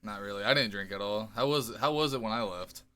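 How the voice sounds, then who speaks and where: A man's voice: fairly low pitch, brisk, a loud crowd. A young man co-hosting a podcast, reacting and chatting casually with frequent swearing. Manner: animated, swearing, reacting with laughs. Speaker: podcast co-host. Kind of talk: casual chat.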